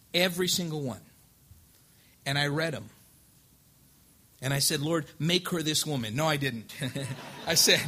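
A preacher's sharp voice, on the high side, recounts his life as a casual testimony sermon in a church sanctuary. He speaks from the pulpit with folksy charm, re-enacting conversations from his past.

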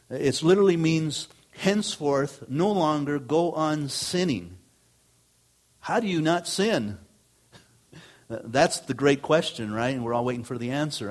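Man preaching a conversational sermon. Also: mid-range voice. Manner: conversational preaching with rising emphatic lines. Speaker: pastor.

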